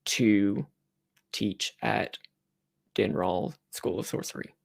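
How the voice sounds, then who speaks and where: A young man running a tabletop game as game master, halting with many fillers and restarts. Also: on the low side, gravelly.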